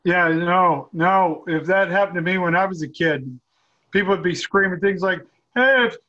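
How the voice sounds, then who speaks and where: A man's voice: high voice, steady tone, normal speed, pushed and bright. Easygoing man on a dull, lo-fi line. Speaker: podcast host. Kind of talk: casual chat.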